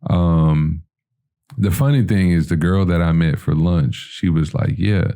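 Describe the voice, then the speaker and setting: This podcast guest has a low, warm voice and keeps a measured pace while recounting a long personal story. His delivery is casual and rambling, packed with "you know" and "like," and he performs the quoted dialogue of the people involved.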